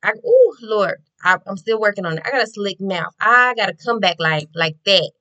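A young woman tells her story in a lively, chatty voice. She keeps calling her listeners "y'all" and talks to them like close friends. Her pitch sits in the middle for a woman. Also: a little fast, highs cut off. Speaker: nurse. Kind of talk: casual storytelling to viewers.

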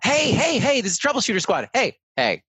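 A man voicing an excitable, bossy computer AI in a tabletop game, repeating himself in eager bursts. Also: medium pitch, a little slow, breathy edge, no echo, full character voice. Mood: giddy. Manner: repeats itself in giddy bursts.

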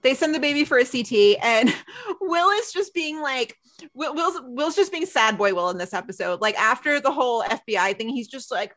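A woman with a slightly high voice recaps a TV episode in animated casual chat. She jumps into quoted lines from the characters as she goes. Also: normal speed. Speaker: podcast co-host.

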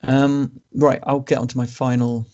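A man co-hosting a podcast, talking casually about games in a measured, calm way. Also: mid-range voice, lo-fi sound. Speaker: podcast co-host.

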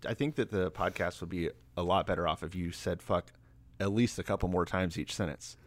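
Low-voiced, wry podcast man. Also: brisk, dry recording. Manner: wry, asks questions and drops deadpan jokes. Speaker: podcast co-host. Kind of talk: casual podcast chat.

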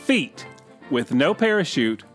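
Animated, fairly high male comedy host. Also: slow pace, over music. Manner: animated storyteller. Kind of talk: comedic chat, telling odd stories.

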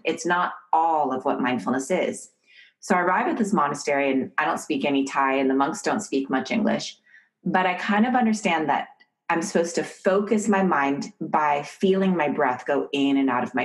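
Calm low-voiced woman teaching. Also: low-quality recording. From United States. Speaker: guest, author and professor. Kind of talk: podcast interview, storytelling.

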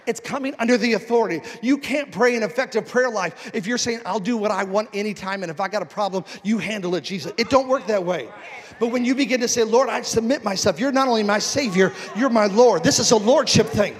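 A man preaching a sermon as pastor, swinging from quiet teaching to shouted, half-sung calls. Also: high-pitched, fast talker. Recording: music with long hall reverb.

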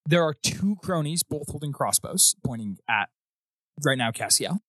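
A man narrating as dungeon master in a relaxed, rambling way with frequent laughs. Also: on the high side, normal speed, dry recording, studio quality. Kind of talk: narrating a tabletop game.

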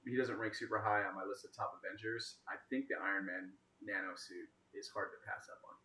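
A man's voice: fairly low pitch, steady tone, fairly quick, pushed and bright, far from the mic. A man co-hosting a casual chat, teasing his friends. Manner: teasing, joking. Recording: echoey room.

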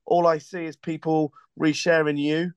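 A man's voice: fairly high pitch, level tone, moderate pace, clean tone, no room sound. A man hosting a podcast, chatting casually and joking in a rambling, friendly way. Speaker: podcast host.

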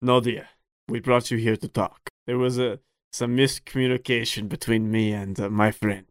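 A guest player, a man playing his character in a tabletop game, terse and halting. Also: medium pitch, flat delivery, clear, resonant tone, dry recording, studio quality. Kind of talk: in-character tabletop role-play.

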